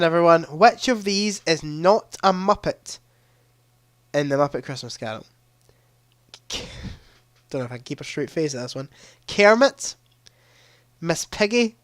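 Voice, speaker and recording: A young man with a fairly high, clean-toned voice hosts a live-streamed quiz, chatting casually into a headset mic. He reads the questions aloud and laughs easily. The recording is dry and of studio quality.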